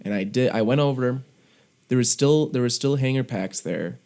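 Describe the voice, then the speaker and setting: A man's voice: mid-range voice, moderate pace, a little mellow, a little hiss or hum. A man co-hosting a podcast, telling a story in a chatty, casual way from his own remote setup. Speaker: podcast co-host. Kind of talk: casual chat.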